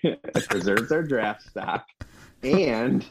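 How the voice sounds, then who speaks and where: A man's voice: mid-range voice, very animated, moderate pace, a little hiss or hum. A man co-hosting a casual football talk show, breaking down plays in an easygoing way and chuckling often. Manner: easygoing, chuckling, laid-back analysis. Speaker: sports podcast co-host. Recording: dull lo-fi sound.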